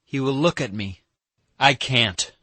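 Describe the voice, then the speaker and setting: A man's voice: medium pitch, takes it slowly, bright, forceful tone, no echo, voice pushed up. A man reading an audiobook, voicing a proud, defiant young woman who falters and pleads in distress. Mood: distraught.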